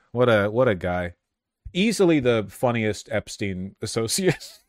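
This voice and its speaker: A man's voice: fairly low pitch, sing-song, a little slow, no echo, clean studio sound. A man giving casual political commentary in a sardonic, profane manner, with laughing asides.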